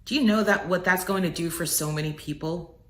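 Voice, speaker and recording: A woman's voice: on the low side, fairly quick, a bit bright, echoey room. A middle-aged woman giving an earnest, preacher-like motivational message, swelling on key words. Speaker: inspirational speaker.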